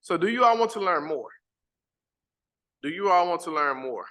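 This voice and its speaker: A man with a bright, somewhat high voice teaches a live-stream lesson. He reads his slides aloud, chats casually with viewers and repeats the important points with emphasis. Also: lively intonation, moderate pace. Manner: casual, chatty asides to the audience. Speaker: credit repair educator.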